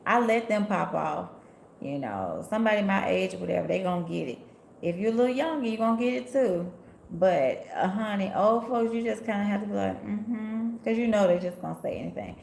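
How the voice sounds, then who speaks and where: Sassy woman with a gravelly voice. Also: medium pitch, lively intonation, a little fast, darkish tone, a little hiss or hum. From Memphis, USA. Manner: sassy, chatty storyteller who laughs often and talks straight to her viewers. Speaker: tarot reader and spiritual healer hosting a live stream. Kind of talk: casual live-stream chat, reading viewer comments. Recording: echoey room.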